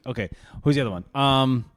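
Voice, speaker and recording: A man's voice: mid-range voice, fairly quick, dry recording, studio quality. A man co-hosting a casual beer podcast, joking and teasing his co-host and laughing often.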